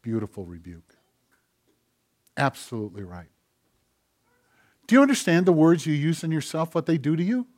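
An older man preaching a sermon in a slightly raised register. He sinks into near-whispers when he quotes others, then swells into loud, emphatic preaching. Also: fairly high pitch, sing-song, normal speed, pauses often. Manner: acts out quoted voices in soft tones. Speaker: pastor.

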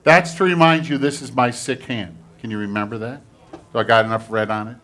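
A pastor speaks gently and animatedly as he gives a children's sermon to kids in a church. His voice sits at an ordinary pitch for a man. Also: fairly even intonation, a little fast. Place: church sanctuary.

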